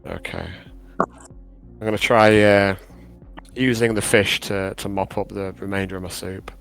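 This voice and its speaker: A man playing a tabletop role-playing game, talking in a hesitant, halting way full of fillers. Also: on the low side, steady tone, creaky, fairly bright tone, clean tone, soft background music. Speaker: player. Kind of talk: casual tabletop play.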